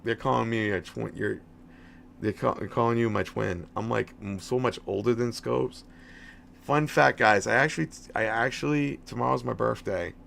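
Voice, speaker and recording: A man's voice: medium pitch, moderate pace, creaky, a bit bright, slight background noise. A man in his thirties chatting casually on a live stream about a game, friendly and rambling, often restarting his words. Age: 30s. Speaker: game livestreamer.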